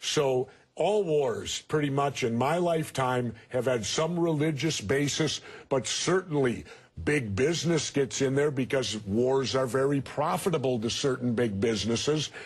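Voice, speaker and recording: A man's voice: mid-range voice, measured pace, husky. A man in his sixties, a TV interview guest, arguing bluntly and emphatically. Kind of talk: TV news interview.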